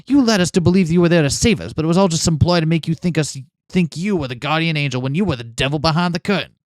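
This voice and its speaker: A man's voice: fairly high pitch, rapid-fire, dry recording, close to an everyday voice. A man reading as a betrayed angry detective. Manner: accusing, indignant. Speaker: let's play host voicing game characters. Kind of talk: reading game dialogue aloud.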